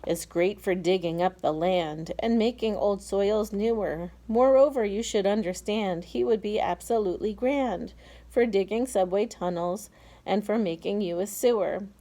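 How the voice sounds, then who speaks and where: A woman voicing a cheerful, eager young boy who greets a crowd and recites rhymes in a bright, sing-song way. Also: medium pitch, moderate pace, natural voice.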